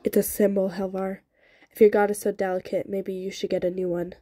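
A woman's voice: medium pitch, level tone, brisk, warm tone, no room sound, clean studio sound, lightly acted. A woman reading aloud from a novel, giving the lines of a cold, ruthless young gang leader man who speaks curtly and dismissively.

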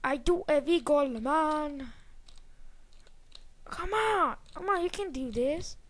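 Young female let's-player, high-pitched, slow drawl, excitable and foul-mouthed. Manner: excitable, swears, talks to the game. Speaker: gameplay commentator. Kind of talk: casual let's-play commentary.

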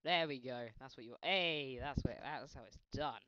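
Guy with a faint scottish accent doing game commentary, bright clear voice, yelps a lot, kinda dull dry mic. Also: mid-range voice, moderate pace, dry recording. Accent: slight Scottish. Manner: excitable, yelps and laughs at the game, jokey asides. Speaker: gaming commentator. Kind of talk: let's-play gaming commentary.

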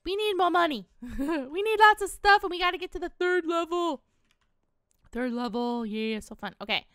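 A woman's voice: very high voice, lively intonation, moderate pace, a bit bright, no room sound, studio quality. A woman hosting a gaming video, giving chatty, playful let's-play commentary at a desktop mic and giggling often.

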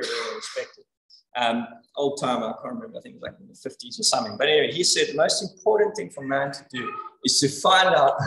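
A man preaching a sermon in an earnest, animated way, repeating words for emphasis. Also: a little high. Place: church. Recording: echoey church hall.

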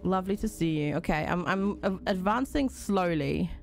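A woman's voice: on the low side, moderate pace, vocal fry, slight background noise. A woman casually commenting on a game during a live stream, reading on-screen tutorial text aloud and chatting with and thanking viewers.

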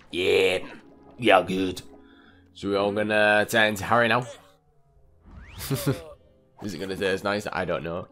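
A young man talks over a game in a low voice, chatty and quick to exclaim at what happens on screen. Faint game music plays underneath him. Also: fairly bright tone. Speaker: gameplay commentator. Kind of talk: casual let's-play commentary.

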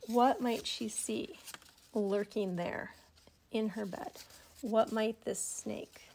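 Female art teacher, middle-aged, gentle and slow, with whispered asides, faint hiss behind. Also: fairly high pitch, fairly even intonation, vocal fry. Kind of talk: art tutorial narration. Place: home studio at a table.

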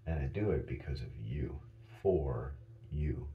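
Guy putting on a smug cruel god dad in the sky, super deep voice, echoey room. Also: lively intonation, measured pace, gravelly, phone-quality sound, exaggerated voice. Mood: mocking. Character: boastful cruel male sky-father god. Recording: roomy echo.

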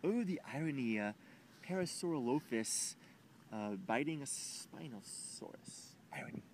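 A man's voice: medium pitch, expressive, measured pace, darkish tone, slight background noise. A young man venting to camera in an emotional personal rant, agitated and swearing, rambling with frequent restarts, recorded outdoors.

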